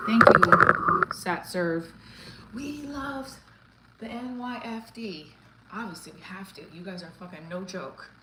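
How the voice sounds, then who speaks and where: A breathless middle-aged woman talks loosely to her live chat between stretches, pausing to thank viewers. Her voice sits on the low side and carries the echo of a bare room. Faint ambient noise hums underneath. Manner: chatty, reads and thanks chat comments mid-workout. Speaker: livestream host. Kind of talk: casual live-stream chat while exercising.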